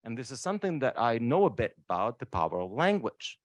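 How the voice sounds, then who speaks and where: A man's voice: mid-range voice, very animated, quick pace, no echo, studio quality. A man speaking on a law school panel, emphatic and emotional, often asking "right?" to the audience. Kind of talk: impassioned panel talk. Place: lecture room.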